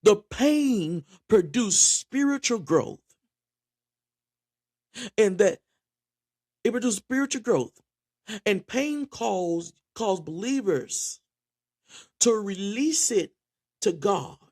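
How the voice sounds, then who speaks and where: A man's voice: sits high, animated, slow, pauses often, a little mellow. A man preaching a sermon with passion, often repeating words as he restarts his phrases. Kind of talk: spoken sermon.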